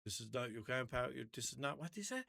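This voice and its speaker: A man's voice: medium pitch, animated, fast, creaky, sharp tone, no room sound. A man hosting a podcast, telling rambling stories in casual chat and acting out both sides of his arguments. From Ireland. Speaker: podcast host. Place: indoor room.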